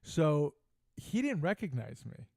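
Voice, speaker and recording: A man's voice: a little high, takes it slowly, vocal fry, husky, dry recording. Brash older man telling stories. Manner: animated, brash, joking storyteller. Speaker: podcast host. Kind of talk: casual storytelling chat.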